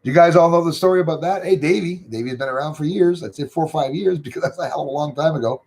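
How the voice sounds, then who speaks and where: A man's voice: a little high, quick pace, a little mellow, breathy edge. A middle-aged man, chatting casually and rambling with lots of fillers as host of his livestream. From Canada. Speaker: channel host reading live chat.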